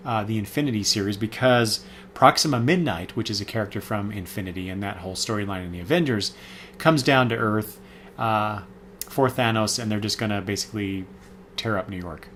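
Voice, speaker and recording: A man's voice: lowish voice, fairly quick, fairly bright tone, slight background noise. A man giving a casual, rambling spoken review of comics, full of fillers and self-corrections.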